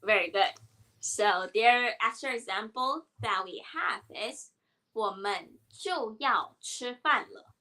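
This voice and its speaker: A woman's voice: fairly high pitch, lively intonation, takes it slowly, sharp tone, low-quality recording. A woman co-hosting a Chinese grammar lesson, explaining examples in an upbeat, encouraging way. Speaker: Chinese teacher.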